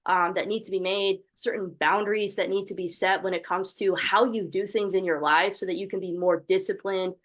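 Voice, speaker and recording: A woman's voice: medium pitch, steady tone, fairly quick, hardly any pauses, a bit bright. A young woman hosting a motivational video call, encouraging and full of faith-filled fervor. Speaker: host of an online training call. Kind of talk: motivational pep talk on a call.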